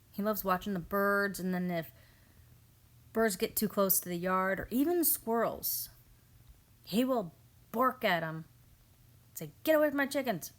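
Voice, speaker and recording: A woman in her thirties narrating a home garden video in a casual, amused, chatty way, often quoting her family. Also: lowish voice. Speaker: family homestead vlogger.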